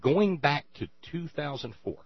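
A man hosting a talk radio show, commenting sarcastically on played clips in an animated way. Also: on the high side, unhurried, breathy edge, no echo. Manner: sarcastic, animated, mocking voices in quotes. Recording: dull lo-fi radio audio with mains hum.

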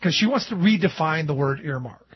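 A male radio host rants about politics in a high, raspy voice. He is animated and sarcastic and mocks his opponents. The sound is dull and lo-fi, dry and close. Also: fairly quick, no room sound. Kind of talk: political commentary talk show.

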